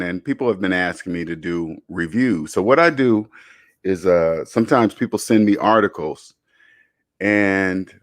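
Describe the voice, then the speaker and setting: A man hosts a live personal finance stream, speaking bluntly and preachily, repeating points for emphasis and tagging lines with "okay?". His voice is lowish, with clean studio sound and no room sound.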